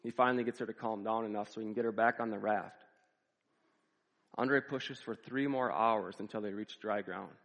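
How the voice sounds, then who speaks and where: A male pastor telling a story in a sermon, with measured, dramatic repetition. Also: on the low side, a bit bright, big-room sound.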